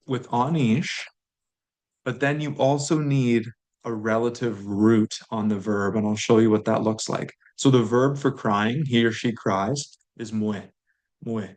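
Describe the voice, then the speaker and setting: A man teaching a recorded language lesson, explaining grammar in a relaxed way and repeating words slowly for learners. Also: mid-range voice.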